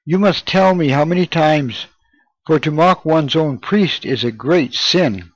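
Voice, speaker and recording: Stern haughty priest read by a man, slow and a bit high, pushy questions. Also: dry recording, poor audio. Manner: pressing, questioning.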